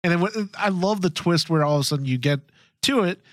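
A man's voice: high voice, quick pace, no room sound, clean studio sound. A man co-hosting a podcast, chatting casually and enthusiastically, laughing often. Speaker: podcast co-host. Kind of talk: casual chat about a TV series.

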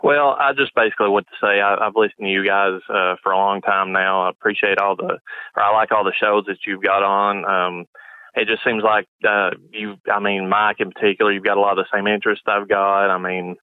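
Southern male caller, low flat voice, tinny phone-line sound, earnest and halting. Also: clear, resonant tone, no room sound. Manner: hesitant, earnest, many fillers. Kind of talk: call-in chat.

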